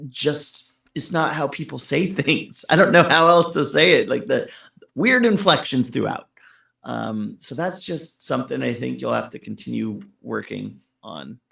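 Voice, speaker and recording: A man's voice: medium pitch, vocal fry, a bit bright, echoey room. A man co-hosting a casual show, giving laid-back, rambling feedback on a listener's track with lots of fillers. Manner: laid-back, rambling with fillers, laughs at his own jokes. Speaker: co-host reviewing listener tracks. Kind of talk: casual critique chat.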